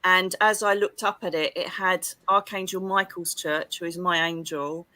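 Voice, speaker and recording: A middle-aged English woman, a psychic medium guest, telling her story in an interview with a lively, expressive manner. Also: lowish voice, normal speed, no echo. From England. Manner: lively, expressive, acts out quoted dialogue.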